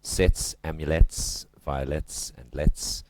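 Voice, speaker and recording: A man's voice: extremely low pitch, steady tone, slow pace, no room sound. A man teaching literature in a casual video lesson, chatty and joking, leaning hard on stressed words.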